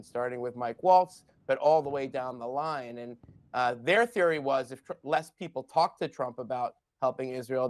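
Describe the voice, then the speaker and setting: A man giving blunt, wry political analysis as a guest on a live news panel. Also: medium pitch.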